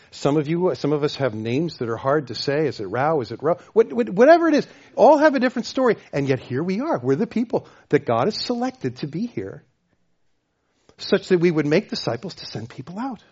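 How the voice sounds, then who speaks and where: A man preaching a sermon as pastor, emphatic, repeating phrases and swinging between loud and soft. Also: fairly high pitch, sing-song, a little fast, husky, dull audio. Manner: emphatic, repeats phrases, varies loudness widely.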